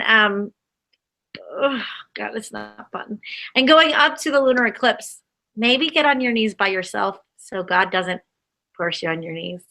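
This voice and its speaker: A woman co-hosting a casual spiritual chat, reading oracle cards and acting out lively quotes with frequent laughs. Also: on the high side. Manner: animated, laughs often, acts out quotes. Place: Boulder area.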